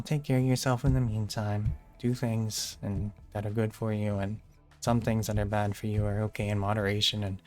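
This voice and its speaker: Low-voiced male streamer, voice going hoarse. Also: a little mellow. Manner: rambling, jokey sign-off. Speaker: game streamer. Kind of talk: casual stream chat.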